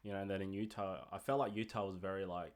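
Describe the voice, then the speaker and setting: A young Australian man hosting a casual podcast chat, talkative and animated, with lots of "like" and "dude". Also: sits low, fast. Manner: chatty, animated, filler-heavy with "like" and "dude". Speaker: podcast host.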